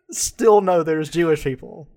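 A man's voice: on the high side, takes it slowly, warm tone. A man co-hosting a podcast, teasing his friends with questions in casual banter. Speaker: podcast co-host.

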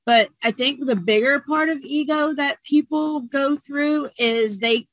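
A woman's voice: high voice, unhurried, no echo, low-quality recording. A woman sharing her thoughts reflectively in a casual group discussion. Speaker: group call member.

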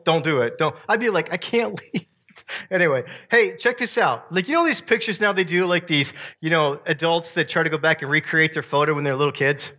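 A man, joking with an audience as he walks through family photos, swinging from loud to soft. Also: fairly high pitch. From Virginia. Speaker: speaker sharing family photos. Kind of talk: casual talk to an audience.

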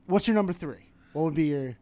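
A young man with a New York accent co-hosting a podcast in casual chat, animated and teasing, laughing often. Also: a little high, brisk. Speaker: podcast co-host.

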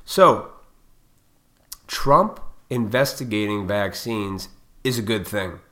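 A man with a bright, forceful voice rants straight at his audience. He is blunt and profane, and he lectures them with heated intensity. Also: lowish voice, expressive, takes it slowly. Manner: heated, fired up. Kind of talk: ranting monologue to viewers.

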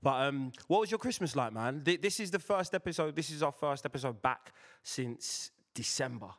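A man's voice: fairly high pitch, animated, moderate pace, fairly bright tone. A man hosting a podcast, casual and playful, with jokey slang. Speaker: podcast host. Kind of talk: casual chat.

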